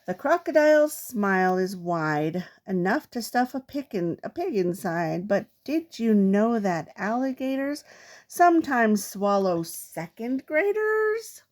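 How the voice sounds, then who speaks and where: An older woman, a grandmother, reading children's poems aloud in a playful, expressive way. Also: medium pitch, a little slow, few pauses. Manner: playful, expressive read-aloud with comic trailing-off.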